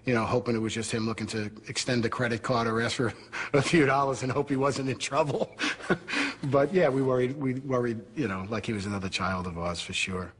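A man's voice: medium pitch, a little fast, husky. A middle-aged man speaking earnestly in a reflective interview, often saying "you know". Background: music score.

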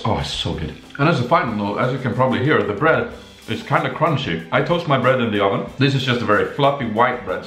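A man from Sweden vlogging from his home kitchen, chatty and playful. His talk swings from soft low murmurs to high excited bursts, and his voice sits in a middle range. The room sounds echoey, with faint music underneath. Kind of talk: casual vlog chat.

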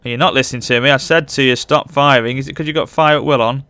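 A man narrates his strategy battle as he plays, rapidly switching from calm explanation to shouted orders. His voice is smooth and clear, sitting at an ordinary pitch. Faint music plays underneath. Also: dry recording. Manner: urgent, excitable, barks orders at units. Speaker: gaming channel host. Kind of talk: live gameplay commentary.

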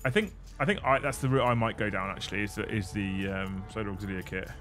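A man's voice: fairly low pitch, fast, fairly bright tone. A man hosting a casual livestream, chatting and thanking viewers while building models. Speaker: livestream host. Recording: faint music behind.

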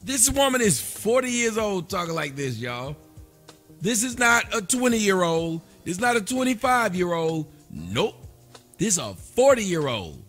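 Mocking host, somewhat high man's voice with a very animated pitch, faint music behind. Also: measured pace. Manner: sarcastic, mocking, addresses viewers directly. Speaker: commentary host. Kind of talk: reaction commentary.

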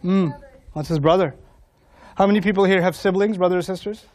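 A man preaching to a live audience in a humorous, animated way, acting out dialogue and laughing often. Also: high voice, fairly quick, some chatter behind.

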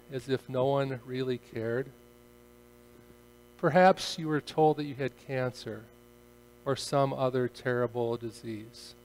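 A male pastor preaching a solemn sermon and reading scripture, his voice swelling loudly on quoted cries. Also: mid-range voice, in a large hall, low-quality recording. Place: church sanctuary.

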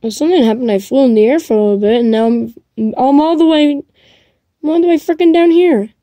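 A woman giving casual commentary to herself while playing a game, excitable and chatty. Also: high-pitched, fairly quick, dry recording. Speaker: gamer streaming gameplay. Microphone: device mic while playing on a tablet.

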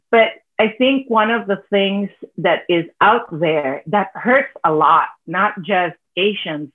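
A woman with a Filipino accent, a teacher speaking earnestly on a panel discussion, sometimes laughing softly as she talks. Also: fairly low pitch. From Philippines. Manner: earnest, heartfelt, laughs softly while talking. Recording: tinny phone-like video call audio.

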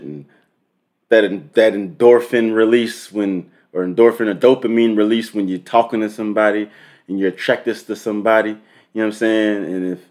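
Slangy young man chatting casually. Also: on the low side. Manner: slangy and profane, thinks out loud with restarts. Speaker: music reaction host. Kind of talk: casual reaction commentary.

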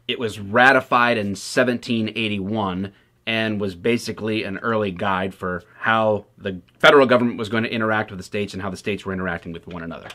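Wry cop chatting to camera. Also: male voice, lowish voice, a bit bright. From Michigan. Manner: wry, sarcastic asides. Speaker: police officer, video host. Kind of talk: casual commentary to camera.

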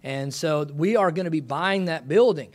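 A pastor with a fairly high voice tells his church's story in a folksy, exclaiming way. He speaks to a congregation, calling out praise between his stories. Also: moderate pace. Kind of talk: missions conference testimony.

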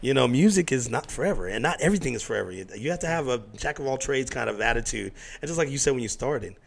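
Fast-talking, gravelly-voiced male host. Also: mid-range voice, expressive. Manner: loose, profane storytelling with impressions of others. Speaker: podcast host. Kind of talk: casual interview chat. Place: home studio.

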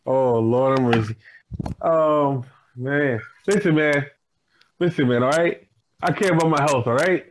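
A man's voice: mid-range voice, measured pace. A man on a group call, swearing, laughing and exclaiming in crude banter. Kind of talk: crude trash-talk banter. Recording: noisy call audio.

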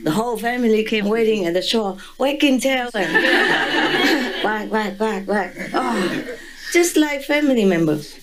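A woman's voice: fairly high pitch, expressive, measured pace, heavy background noise. A woman being interviewed who tells a story with animation, laughing often and acting out voices and sounds.

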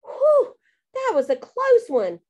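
Storybook role: hollering first-grade girl, very high and bouncy, voiced by a woman reader. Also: huge pitch swings, takes it slowly, a little mellow, full character voice. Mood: excited. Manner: shrieking and hollering. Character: loud, excitable little girl in first grade. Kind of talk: audiobook reading.

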